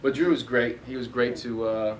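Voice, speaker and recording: A man's voice: mid-range voice, fairly even intonation, moderate pace, distant mic, a little hiss or hum. A young man hosting a sports talk show, chatting casually with lots of fillers and self-corrections. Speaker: host. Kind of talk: casual studio chat.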